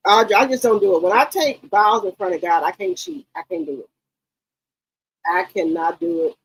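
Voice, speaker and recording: Animated, outspoken husky-voiced woman. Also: medium pitch, moderate pace, dry recording, rough recording. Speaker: gossip channel host. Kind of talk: casual commentary to viewers.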